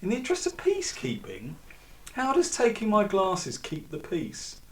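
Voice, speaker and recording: A man's voice: high voice, huge pitch swings, normal speed, pitched above the performer's own voice. A man voicing a confused, timid middle-aged man, heard from a distant mic. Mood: bewildered.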